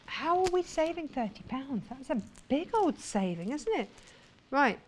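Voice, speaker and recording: A woman's voice: sits high, sing-song, measured pace, slight background noise. Gushing woman presenting products. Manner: enthusiastic, gushing over products. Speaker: shopping channel presenter. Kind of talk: live TV sales presentation. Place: TV studio.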